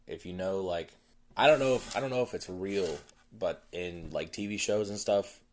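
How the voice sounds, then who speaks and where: A man's voice: low voice, moderate pace. A man hosting a podcast, casually retelling a film's plot in a loose, rambling way full of fillers. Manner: rambling, filler-heavy storytelling. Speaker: podcast host. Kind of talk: casual movie recap.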